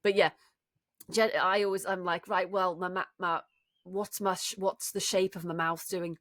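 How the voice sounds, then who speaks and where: A woman's voice: lowish voice, little pitch movement, moderate pace, a bit bright, dry recording, clean studio sound. A woman co-hosting a podcast, chatting casually and thinking aloud with frequent restarts. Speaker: podcast co-host. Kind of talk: casual chat.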